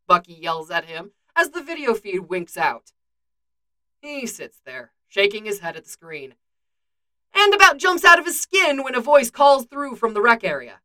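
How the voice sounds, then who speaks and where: A woman reading fan fiction aloud with expressive storytelling. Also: fairly high pitch, normal speed. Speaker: narrator.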